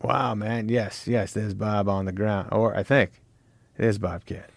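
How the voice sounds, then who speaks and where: Gravelly, low middle-aged man, casual guest chat, swearing and laughing through stories. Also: steady tone, a little slow.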